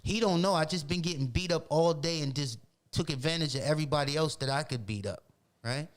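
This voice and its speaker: A man from Boston, a podcast guest telling a story in casual chat, animated and profane, acting out the voices of others. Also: fairly high pitch, a little fast. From Boston, Massachusetts.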